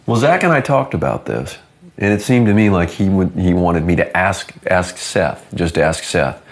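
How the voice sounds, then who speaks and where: A man conducting a mock interview in a calm, probing, deadpan way. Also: low voice, normal speed.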